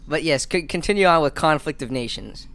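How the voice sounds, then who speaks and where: A man's voice: a little high, lively intonation, fairly quick, vocal fry, fairly bright tone. A man in his twenties hosting a live stream, rambling and stammering through casual jokes. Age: 20s. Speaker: livestream host.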